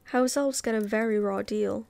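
A woman's voice: medium pitch, steady tone, moderate pace, gravelly, a little mellow, no room sound, natural voice. A woman reading aloud and voicing an earnest, principled teenage witch girl who speaks fervently. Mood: indignant.

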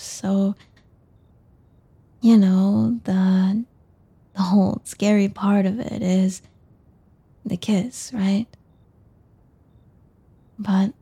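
A woman's voice: mid-range voice, gravelly, dark tone, husky, heavily acted. A young woman voicing a shy, nervous young woman in an audio role-play, talking hesitantly and stumbling over her words with many restarts.

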